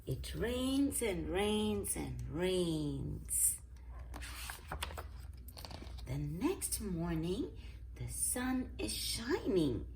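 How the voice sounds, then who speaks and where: Slow, expressive woman reading a storybook. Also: fairly low pitch, creaky, a little hiss or hum. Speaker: children's book reader. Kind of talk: read-aloud picture book narration.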